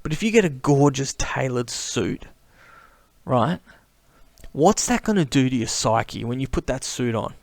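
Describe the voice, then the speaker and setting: A man in a casual, enthusiastic vlog monologue, chatty and animated, often calling the listener mate. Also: medium pitch, measured pace, no room sound. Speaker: camera vlogger.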